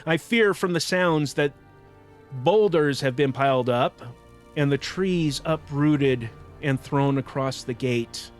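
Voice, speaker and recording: A man's voice: a little high, takes it slowly, faint music behind. A grave old wizard, as a man reads him aloud. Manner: read aloud from a book.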